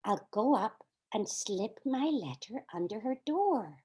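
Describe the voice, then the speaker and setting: A woman playing a shy little girl who narrates her own story softly in a one-person stage reading. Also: fairly high pitch, very animated, unhurried, breathy edge, pitched below the performer's own voice, full character voice. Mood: wistful.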